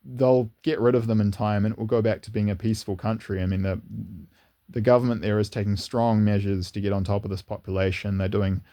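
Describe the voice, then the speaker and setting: Low, mellow man rambling earnestly. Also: level tone, brisk. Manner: rambling, frequent restarts and repeated words; earnest, rising in pitch when enthused. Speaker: channel host. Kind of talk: casual unscripted monologue. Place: lives in New Zealand, indoors.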